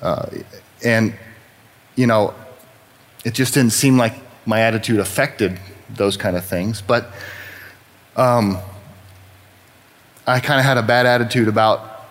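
A man from Texas giving a sermon-style personal testimony in church, talking in a conversational, wry and self-deprecating way. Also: fairly low pitch.

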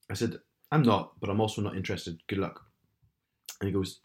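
A man's voice: medium pitch, animated, normal speed, long pauses. A young man, telling a story in casual chat with wry humour and frequent laughs. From Northern Ireland.

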